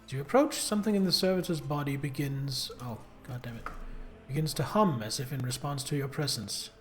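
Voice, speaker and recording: A man's voice: mid-range voice, a little fast, soft background music. A man streaming a video game live, chatting with viewers and reading on-screen text aloud.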